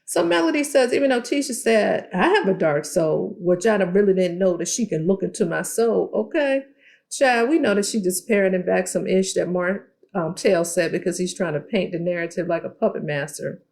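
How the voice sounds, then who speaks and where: A sassy young woman gives a casual, animated recap of a TV episode. She calls her listeners "child" and "y'all". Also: medium pitch, brisk, vocal fry. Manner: sassy, animated storytelling with playful quoted voices. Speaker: TV recap vlogger.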